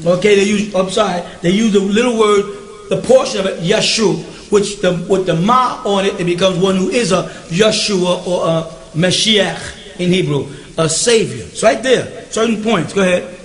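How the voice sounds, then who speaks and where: A man with a fairly high voice leads a question-and-answer class in an emphatic, driving way. He keeps checking that his audience is following along. The sound is roomy and echoey. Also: normal speed. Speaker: teacher.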